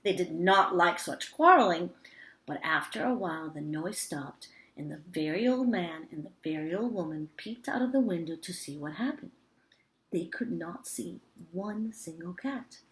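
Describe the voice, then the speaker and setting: A woman teacher reading a picture book aloud to young children, with expressive storytelling. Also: on the low side, normal speed. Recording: roomy echo.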